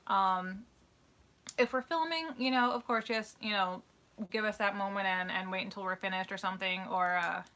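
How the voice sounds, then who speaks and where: Bright, chatty woman co-hosting a livestream. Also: mid-range voice, moderate pace. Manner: chatty, animated storytelling, laughs easily. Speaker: co-host of a live Q&A stream. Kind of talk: casual live-stream chat. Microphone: live-stream microphone.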